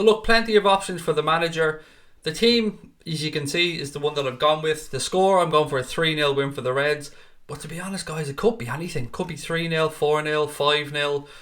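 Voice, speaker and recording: A man's voice: on the high side, sharp tone. A young man hosting a live football stream from a home green-screen studio, greeting viewers by name and reading their comments aloud. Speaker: livestream host.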